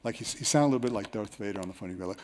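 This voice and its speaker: Animated man giving a seminar talk. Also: on the low side, racing, slight background noise. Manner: storytelling, animated, with self-mocking anecdotes. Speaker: seminar presenter. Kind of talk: seminar talk to a live audience.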